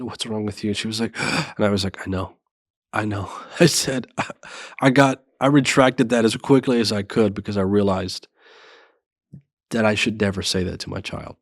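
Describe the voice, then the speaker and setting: A man in his thirties hosting a parenting show, talking in an earnest, measured and self-reflective way. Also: lowish voice, steady tone, no room sound, clean studio sound. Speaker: parenting podcast host. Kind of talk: reflective monologue.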